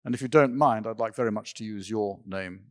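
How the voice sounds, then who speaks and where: A man's voice: lowish voice, brisk, no echo, studio quality. An older man in an interview, telling rambling personal stories with occasional laughs and restarts. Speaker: interview guest. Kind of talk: storytelling in an interview. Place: symposium stage.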